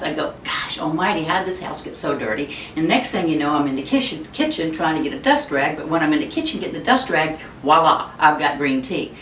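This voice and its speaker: A woman in her fifties giving a webinar talk, telling stories in an animated way and acting out the voices she quotes. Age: 50s. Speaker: speaker on child discipline. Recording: echoey room, distant mic, faint rumble.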